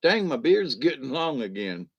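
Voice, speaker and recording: A man hosting a casual late-night livestream, rambling and chuckling while a little high. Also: very animated, moderate pace, gravelly, highs cut off, slight background noise. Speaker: livestream host.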